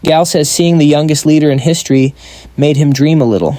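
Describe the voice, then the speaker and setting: A man narrating a comic story recap in a brisk, wry storytelling manner with playful asides. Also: fairly high pitch, dark tone, dry recording.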